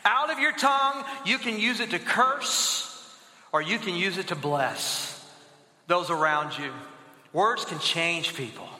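A man's voice: sits high, lively intonation, unhurried, bright, forceful tone. A young man preaching a sermon as pastor and leading the congregation in call-and-response. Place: church auditorium. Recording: echoey hall with long reverb.

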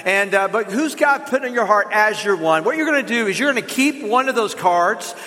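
A man with a Southern American accent preaching a lively, joking sermon to his congregation in a church. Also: sits high, brisk, long reverb tail. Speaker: pastor. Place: church sanctuary.

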